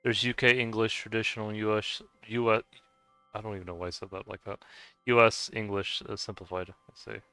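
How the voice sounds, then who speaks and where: A man's voice: on the low side, flat delivery, a little fast, pushed and bright, no echo, soft background music. A man chatting casually with viewers while gaming, rambling with lots of stammered restarts and frequent laughs. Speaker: streamer.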